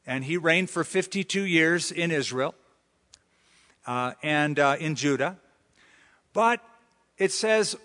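A man's voice: on the high side, slow pace, long pauses. Preaching man in a reverberant hall. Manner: expressive preaching, acts out quoted voices. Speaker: pastor. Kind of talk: sermon.

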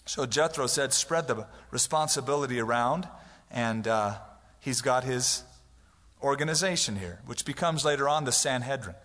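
A man's voice: medium pitch, normal speed, fairly bright tone. A male pastor giving a conversational sermon with humorous asides, acting out the people in his stories. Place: church sanctuary. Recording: church hall reverb.

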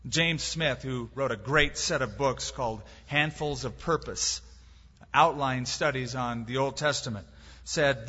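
Husky-voiced man preaching in a reverberant hall. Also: mid-range voice, unhurried, pushed and bright. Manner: emphatic preaching with rhetorical questions and dry humor. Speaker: pastor. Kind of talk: sermon. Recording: dull sound with long hall reverb.

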